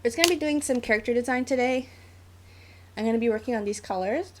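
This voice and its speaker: A woman's voice: fairly high pitch, quick pace, darkish tone. A woman in her forties with an American accent, chatting casually on a live stream as a graphic novelist, with a scratchy throat and frequent fillers. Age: 40s.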